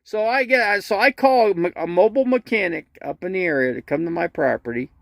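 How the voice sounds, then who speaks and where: A man's voice: sits high, very animated, quick pace, gravelly, very noisy. A man telling rambling, funny stories in a casual livestream, often laughing, stammering and restarting his sentences. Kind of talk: casual storytelling.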